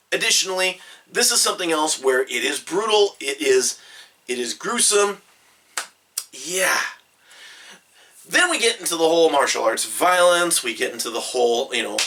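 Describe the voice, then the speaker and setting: Man reviewing games, lively swooping delivery, bright tone, emphatic, slightly distant. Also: on the high side. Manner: animated, exclamatory, emphatic. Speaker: game reviewer. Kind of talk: video game review.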